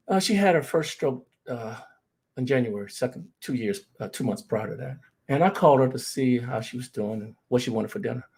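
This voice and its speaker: A man's voice: mid-range voice, gravelly, darkish tone, slightly rough. A man giving an earnest presentation on grief, telling personal stories and speaking to the audience as family. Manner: earnest, addresses the audience as "fam".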